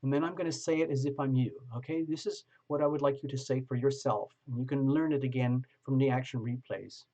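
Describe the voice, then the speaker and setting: A man giving a casual online tarot reading, gently coaxing the listener and slowing down to read passages aloud. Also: medium pitch, fairly even intonation. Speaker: tarot reader. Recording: slightly dull lo-fi audio.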